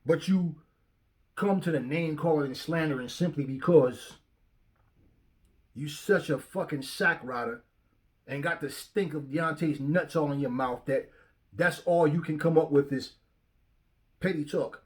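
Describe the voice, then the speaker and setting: A man's voice: fairly high pitch, measured pace, long pauses. A middle-aged man hosting a boxing talk channel, ranting at home, profane and combative, mocking commenters and stumbling over repeated words as he gets worked up. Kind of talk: heated rant to camera. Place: his home.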